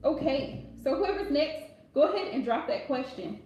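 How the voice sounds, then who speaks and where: A woman's voice: sits high, expressive, normal speed, dull audio, noisy background. A woman giving casual, direct advice to viewers on a live stream, chatty and laughing often, calling listeners pet names. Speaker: live tarot reader answering viewer questions. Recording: very echoey room.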